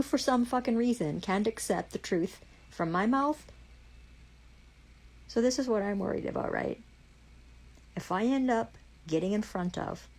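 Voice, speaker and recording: A woman's voice: medium pitch, creaky, a little mellow, breathy edge, low-quality recording. A woman with a Canadian accent, swearing constantly in a heated, accusing rant on a livestream.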